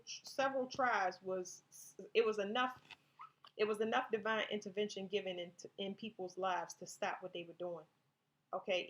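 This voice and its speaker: A woman giving a casual tarot reading, talking straight to her viewers, reading card text aloud and often restarting her sentences. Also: medium pitch. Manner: conversational, restarts often, speaks directly to viewers. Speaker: tarot reader.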